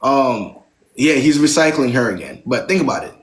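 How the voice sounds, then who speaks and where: A man's voice: medium pitch, sing-song, normal speed. A man hosting a live stream, giving blunt relationship advice and driving his points home with "right?".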